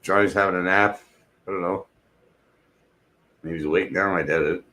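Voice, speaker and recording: A man's voice: sits low, fairly even intonation, moderate pace, sharp tone. A middle-aged man chatting casually on a live stream in a rambling, jokey way, with lots of swearing.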